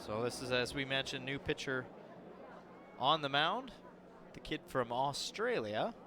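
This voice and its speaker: A man's voice: mid-range voice, expressive, measured pace, sharp tone. A man doing casual, bantering baseball commentary on a ballgame broadcast, laughing often with his partner. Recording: clear crowd noise behind. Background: crowd noise.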